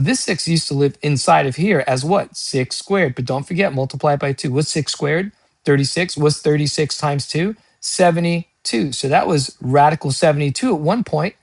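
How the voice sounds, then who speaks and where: A male math tutor with a gravelly, fairly high voice works through test problems, firing off quick questions and answering them in a chatty, slangy way. The sound is dry and close. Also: no echo. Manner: energetic, asks and answers his own questions. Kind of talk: video math lesson.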